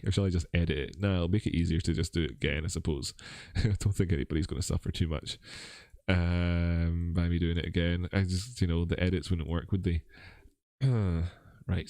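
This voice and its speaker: A Scottish man hosting a live crypto chart stream, rambling and self-mocking, his voice a bit rough. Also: sits low, darkish tone, no room sound, studio quality. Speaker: crypto livestream host. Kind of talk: casual live chart analysis.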